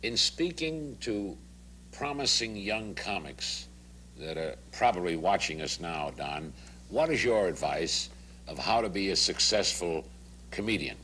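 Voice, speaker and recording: A man's voice: deep voice, expressive, unhurried, bright, forceful tone, a little hiss or hum. An older man hosting a comedy talk show, bantering and questioning his guest in a showbiz manner.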